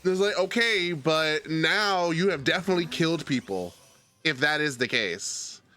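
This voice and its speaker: Animated male streamer, bright voice. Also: fairly high pitch, normal speed, soft background music. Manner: animated, argumentative, addresses chatters by name. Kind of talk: casual live-stream chat reading viewers.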